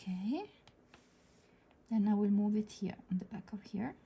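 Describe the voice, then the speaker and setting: Soft mellow Italian-accented woman. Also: medium pitch, normal speed, slightly rough. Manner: soft-spoken, hesitant with many fillers, drops to a near whisper while working. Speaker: digital art tutor. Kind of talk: casual drawing tutorial.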